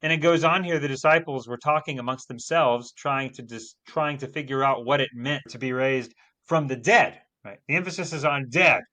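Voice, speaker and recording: A man co-hosting a Bible lesson, explaining in a casual, animated way with emphatic stress. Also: medium pitch, moderate pace. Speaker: Bible teacher co-host. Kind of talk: casual teaching discussion.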